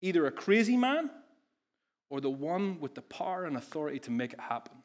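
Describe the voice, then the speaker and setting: A male preacher with a slightly high voice gives a sermon. He talks in an earnest, animated way, stops to restart his phrases, and shifts from hushed to emphatic. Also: fairly quick.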